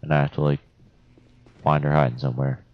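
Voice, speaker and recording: A young man giving profane, excitable commentary while playing a video game, talking trash at enemies. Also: rumbling low, fairly quick, no echo. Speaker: gameplay commentator. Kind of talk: let's play commentary. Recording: dull lo-fi sound.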